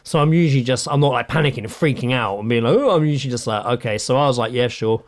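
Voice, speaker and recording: In a racing, mid-range voice, a male podcast co-host recounts a story during casual chat. He animatedly performs what people said, swearing frequently throughout.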